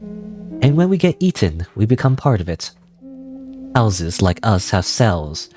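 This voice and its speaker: A brooding occult-minded teen girl, put on by a man with a nasal, breathy tone and slow, cryptic delivery. The voice swings widely in pitch. Faint game music plays underneath. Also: big pitch swings, a little mellow. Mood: ominous. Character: secretive teenage girl steeped in occult lore.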